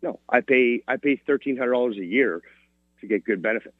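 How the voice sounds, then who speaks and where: A man's voice: mid-range voice, fairly quick, no room sound. A man from Ontario phones in to a talk radio show, sounding frustrated and rambling. His voice comes through a thin, tinny phone line. The sound is dry, with no room around it. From Ontario, Canada. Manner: rambling, frustrated, many "like" fillers. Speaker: caller. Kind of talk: phone-in conversation. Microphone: telephone.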